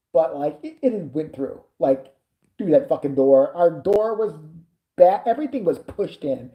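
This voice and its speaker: A woman vlogger telling a story to camera, animated and full of swearing. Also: on the low side, roomy sound. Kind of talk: storytime anecdote.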